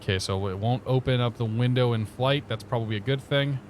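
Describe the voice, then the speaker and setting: A man streams a flight simulator, chatting casually as he explains the cockpit controls, laughing easily and poking fun at himself. His medium-pitched voice is steady, fairly quick and a little mellow, with slight background noise.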